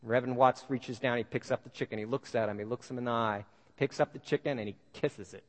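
A man telling a story to an audience in an animated way, with many fillers and restarts. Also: mid-range voice, fast talker. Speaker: speaker. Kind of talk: storytelling talk. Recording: long hall reverb.

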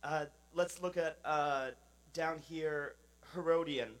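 A man's voice: on the high side, fairly even intonation, slow pace, low-quality recording. A man, a pastor, giving a sermon in a conversational, informal manner with many fillers.

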